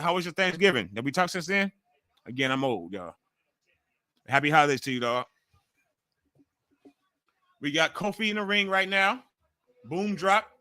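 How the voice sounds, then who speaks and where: A man's voice: on the high side, pushed and bright, no echo. A middle-aged man hosting a live watch-along stream. He chats casually and profanely, talking straight to his viewers. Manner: loose, profane, talks straight to the chat.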